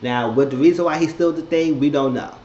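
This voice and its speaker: A man's voice: fairly high pitch, quick pace, darkish tone. A man giving a casual, opinionated spoken recap of a TV episode, retelling scenes and acting out what the characters say. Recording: echoey dull lo-fi room with faint noise.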